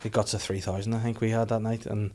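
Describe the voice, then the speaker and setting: A young man hosting a podcast, telling rapid, animated stories full of laughter and sweary acted-out inner voices. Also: lowish voice, crowd noise. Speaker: podcast host. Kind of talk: casual chat, storytelling.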